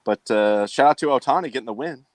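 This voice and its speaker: A man's voice: medium pitch, fast, no echo. A man hosting a casual sports talk show, speaking in a rambling way with many fillers. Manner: rambling, filler-heavy delivery.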